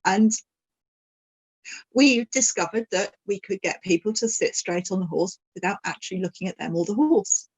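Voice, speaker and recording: A woman, a guest on an interview podcast, telling stories in a chatty, digressive, animated way. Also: medium pitch, moderate pace, husky, rough recording. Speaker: podcast guest, saddle fitter. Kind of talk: casual interview answer.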